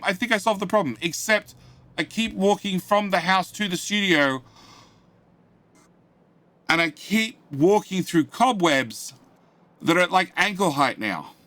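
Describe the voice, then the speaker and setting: Male game streamer, casual rambling chat to viewers, fairly high and bright voice, offhand swearing. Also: no room sound. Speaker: gaming live streamer. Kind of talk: casual live-stream chat, reading chat aloud. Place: home studio.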